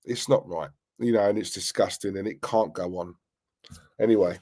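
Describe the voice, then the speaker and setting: A man's voice: sits low, normal speed, dark tone. A man hosting a live football stream, talking earnestly and repeating himself, with plenty of fillers. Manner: earnest, repetitive, chatty, uses fillers like "you know". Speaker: football channel host.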